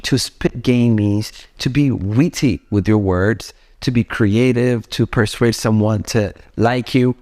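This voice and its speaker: This young English teacher, a non-native speaker with an Ethiopian accent, talks slowly with hardly any pauses in a low, slightly mellow voice. His lesson is casual and chatty, peppered with questions for viewers.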